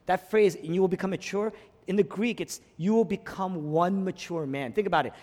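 A man preaching a sermon, surging from hushed, quiet phrases to soaring emphatic peaks. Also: high voice, a little fast. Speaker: pastor. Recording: long hall reverb.

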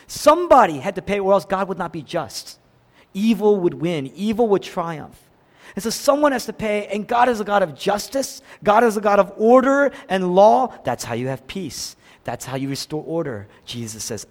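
A man preaching a sermon, swinging from loud cries down to hushed, near-whispered lines. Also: high-pitched, big pitch swings, normal speed. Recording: long hall reverb.

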